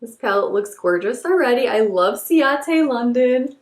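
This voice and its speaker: A woman's voice: on the high side, moderate pace, hardly any pauses. Gushing woman beauty vlogger, echoey room. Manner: gushing, gasping, repeats herself excitedly. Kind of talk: excited unboxing chat.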